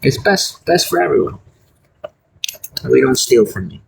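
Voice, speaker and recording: A man's voice: animated, a little slow, gravelly, poor audio. Rambling young man, faint background noise. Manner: rambling, swings between mumbling and loud high outbursts. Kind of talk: rambling solo vlog monologue.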